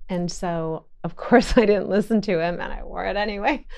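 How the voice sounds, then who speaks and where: A woman's voice: mid-range voice, normal speed, vocal fry, a little mellow. A middle-aged woman hosting a podcast, chatting casually and telling stories with frequent laughs. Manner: chatty storyteller who laughs often. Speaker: podcast host. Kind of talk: casual chat.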